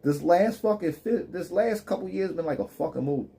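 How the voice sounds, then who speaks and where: A man's voice: high-pitched, animated, a little fast, vocal fry, dark tone. A man live streaming, ranting in loose, joking street slang with plenty of swearing. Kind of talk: casual profane rant.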